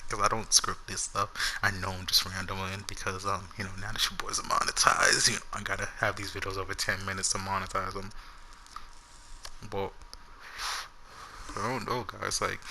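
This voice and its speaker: A man's voice: low-pitched, creaky, sharp tone, slight background noise, poor audio. A young man and YouTuber telling an unscripted story to his viewers in a loose, slangy, rambling way. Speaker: gaming YouTuber.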